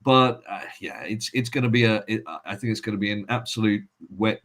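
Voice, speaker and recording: A man's voice: on the low side, a little fast, a bit bright. A man who is a guest on a casual chat, blunt and sardonic, and he swears freely.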